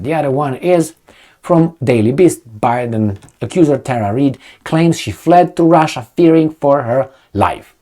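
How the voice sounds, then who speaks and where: A man giving casual solo commentary, talking in a conversational, digressive way and asking questions as he goes. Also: a little high.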